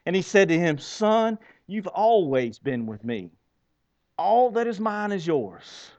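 A man preaching a sermon, animated, asking his listeners rhetorical questions and reading scripture aloud with dramatic pauses. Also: high-pitched, muffled recording. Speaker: pastor.

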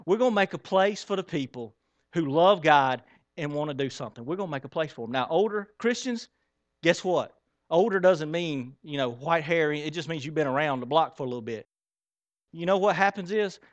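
A man preaching a sermon as pastor, animated and asking the congregation questions as he acts out the story. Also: fairly high pitch, normal speed, no room sound, highs cut off. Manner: acts out Bible characters in quoted voices.

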